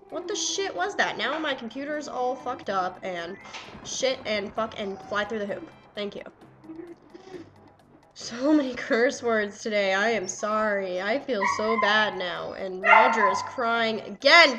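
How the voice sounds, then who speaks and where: A young woman swearing and yelling excitedly at the game she plays while commenting. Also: mid-range voice, normal speed, over music. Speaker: let's player. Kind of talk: casual gameplay commentary.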